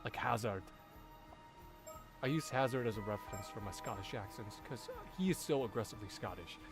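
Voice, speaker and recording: A man's voice: fairly low pitch, brisk, over music. A man doing casual let's-play commentary, thinking aloud, swearing and rambling about his guesses. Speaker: voice actor playing a game on stream.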